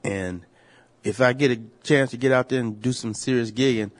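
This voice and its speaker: A man's voice: medium pitch, moderate pace. A man co-hosting a podcast in casual chat, blunt and opinionated with lots of slang and swearing. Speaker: podcast co-host.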